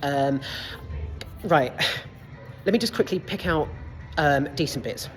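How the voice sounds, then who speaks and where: A woman's voice: sits low, animated, slow, soft background music. A woman giving a casual, rambling film review in a cinema foyer, full of side notes and the odd swear word.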